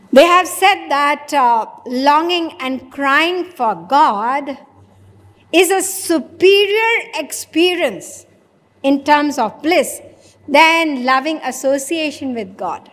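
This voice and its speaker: Her voice sits high and fairly bright, and she takes her time as she preaches a sermon. The spiritual lecturer asks rhetorical questions and stages imagined exchanges, all heard through long hall reverb.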